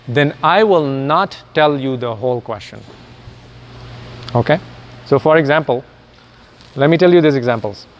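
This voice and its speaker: Lecturer, male, native Urdu speaker, slightly high voice, explains step by step with rhetorical questions, reverberant hall. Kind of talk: recorded lecture.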